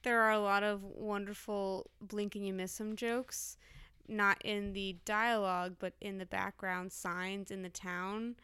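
Female co-host, very clear crisp voice, dry close mic; articulate, wry review talk. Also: medium pitch, fairly bright tone, no echo. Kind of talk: casual review chat.

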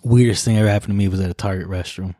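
A man's voice: deep voice, steady tone, racing, mellow, no room sound, clean studio sound. A man co-hosting a podcast, telling a story in a casual, profane way and acting out the voices of the people in it. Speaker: podcast co-host. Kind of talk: casual chat.

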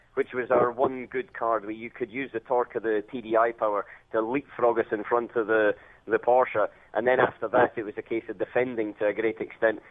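A Scottish racing driver calling into a radio show, talking in a relaxed way with plenty of fillers. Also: male voice, medium pitch. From Scotland. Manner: relaxed storytelling with many fillers. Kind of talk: phone interview. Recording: tinny phone line.

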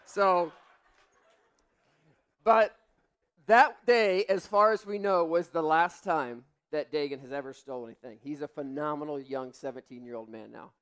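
Animated man telling a sermon story. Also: on the high side, moderate pace, smooth. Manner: animated, acts out voices in his story. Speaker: pastor.

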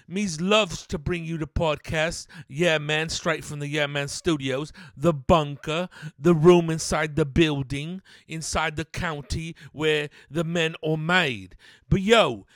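A man's voice: fairly high pitch, a bit bright, no room sound, studio quality. A man hosting a podcast who puts on a fake British accent and rants angrily in slang, swearing a lot. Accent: put-on British. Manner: angry, rambling rant. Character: man in a mock British persona, irritable and ranting. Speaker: podcast host. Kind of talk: solo podcast monologue.

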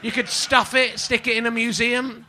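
40s guy hosting live comedy podcast, rambly and self-mocking, quite high voice, very bright tone. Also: little pitch movement, normal speed. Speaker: podcast host. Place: live venue with audience.

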